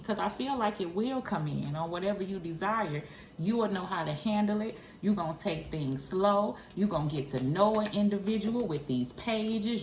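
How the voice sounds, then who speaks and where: A woman's voice: mid-range voice, reverberant, slight background noise. A woman giving a chatty, emphatic tarot reading to her viewers, speaking casually with frequent profanity. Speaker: tarot reader.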